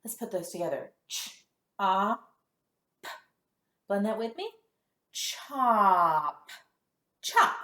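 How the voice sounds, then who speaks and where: A woman teaching a kindergarten phonics lesson, sounding out letters slowly and cheering the children on. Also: mid-range voice, reverberant. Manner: slow, exaggerated sound-by-sound modeling with lively praise.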